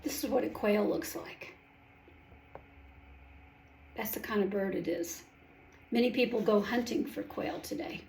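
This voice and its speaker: A woman telling a Bible story in character as a first-hand witness, slow and emphatic, acting out the quoted voices. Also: mid-range voice, creaky, darkish tone. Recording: roomy echo, mic at a distance.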